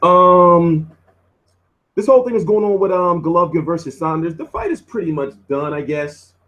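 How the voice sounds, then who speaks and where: A man's voice: on the high side, expressive, moderate pace, a bit bright, lo-fi sound. A man hosting a boxing news show, talking in a casual, slangy, laid-back way. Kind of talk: casual commentary.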